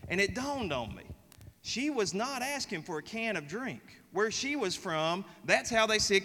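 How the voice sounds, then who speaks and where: Bright-voiced Southern US preacher. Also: male voice, high voice, a little slow, big-room sound. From American South. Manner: storytelling, animated, folksy. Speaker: pastor. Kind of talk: sermon.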